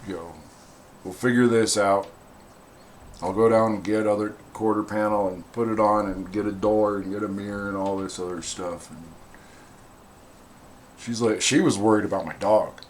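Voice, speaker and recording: A man's voice: on the low side, normal speed, long pauses, a little hiss or hum. Man telling a wry dog story. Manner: wry, animated, acts out quoted voices. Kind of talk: casual storytelling.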